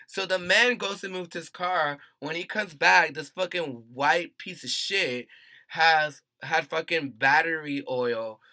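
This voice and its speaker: A man's voice: on the high side, slow, pushed and bright, no room sound. A man co-hosting a casual podcast, talking in a heated, profane, emphatic way. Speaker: podcast co-host.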